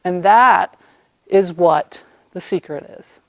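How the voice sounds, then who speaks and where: A woman vlogger telling a personal story in a lively way, acting out the quoted lines and laughing often. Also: lowish voice, slow, no echo.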